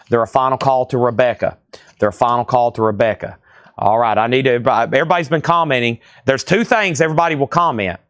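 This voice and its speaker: A man hosting a live record auction from a store, reading titles off fast and tossing in sarcastic asides. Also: medium pitch, no echo, studio quality. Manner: rapid-fire listing, joking and sarcastic asides. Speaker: live sale host.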